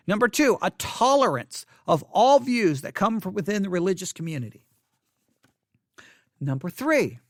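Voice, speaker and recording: A man teaching a Bible lesson in a fervent, emphatic way, repeating his points and swinging between loud stress and quiet asides. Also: high-pitched, no room sound, studio quality.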